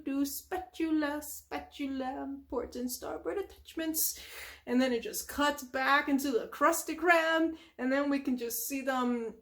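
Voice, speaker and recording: A woman's voice: sits high, fairly bright tone. A woman hosting an ASMR channel, casually retelling a cartoon from memory in a rambling way, with lots of filler words and sound effects.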